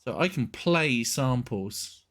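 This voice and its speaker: A male gaming streamer chatting casually on a live stream. He rambles and cuts himself off as he goes, in a voice of ordinary pitch. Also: animated, slow pace. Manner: rambling, self-interrupting chatter.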